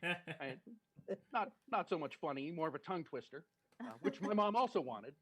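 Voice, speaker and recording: A stand-up comedian performs on a virtual show from a home setup over a video call. His fairly high, husky voice is animated and at normal speed as he tells a chatty, self-deprecating story and laughs at his own lines.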